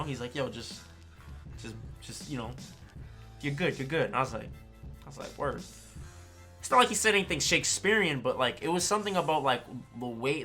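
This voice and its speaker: A man chatting casually on a stream, telling a story in an animated way with slang and swearing and often checking in with his listeners. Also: fairly high pitch. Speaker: streamer and fighting game player. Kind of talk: casual chat.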